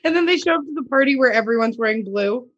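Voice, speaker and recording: Conversational woman with a higher voice. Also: animated, quick pace, husky, dull audio. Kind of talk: casual chat reviewing a TV series.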